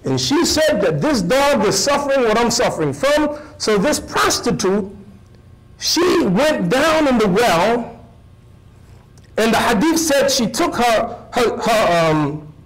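An American imam delivers an animated, sermon-style lecture to a live audience, repeating phrases for emphasis and asking listeners questions. His male voice is extremely high-pitched and unhurried, and the audio quality is poor.

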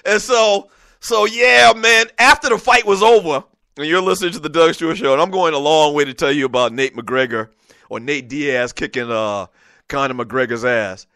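A man hosting a casual sports talk show, telling long, rambling stories in an animated, joking way. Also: a little high, moderate pace, no echo.

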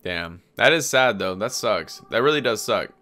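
A young man reacts out loud to an anime episode in loose slang, cursing and cracking up as he goes. His voice sits a little low but has a bright, forceful edge. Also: lively intonation, moderate pace. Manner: slangy, profane, laughing at what he watches. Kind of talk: live reaction commentary.

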